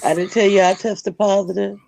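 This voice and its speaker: Hoarse, gravelly-voiced woman. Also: mid-range voice, flat delivery, a little fast, a little mellow. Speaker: guest on a live stream. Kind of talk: casual chat.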